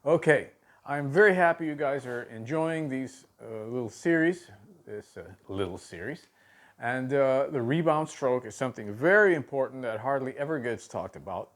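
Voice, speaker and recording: A man teaching a drum lesson on video, talking in a halting way with many fillers and counting the strokes aloud. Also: mid-range voice, expressive. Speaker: drum instructor.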